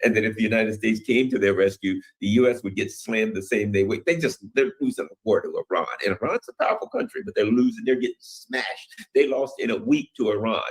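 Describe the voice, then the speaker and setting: A man's voice: on the low side, expressive, brisk, hardly any pauses. A man hosting his own news commentary channel, talking in a rambling, emphatic way and acting out what other people say. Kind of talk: opinionated solo commentary.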